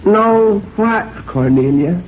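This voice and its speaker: A sharp-tongued old woman on her deathbed grumbles and scolds in an old radio play. The voice sits high and thin. The recording is dull and lo-fi, with a faint hiss underneath. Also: animated, slow pace. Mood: testy. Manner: querulous, scolding. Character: dying old woman, stubborn and tart. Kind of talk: radio drama acting.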